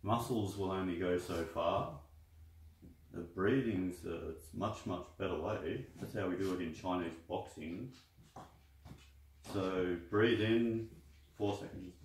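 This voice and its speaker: A man's voice: low-pitched, a little slow. A man teaching martial arts breathing in a loose, rambling way, guiding the listener through breathing counts. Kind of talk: casual instructional talk. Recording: echoey room, distant mic.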